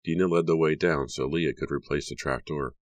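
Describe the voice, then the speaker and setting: A man narrating a horror audiobook in a steady, measured reading. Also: extremely low pitch, no room sound.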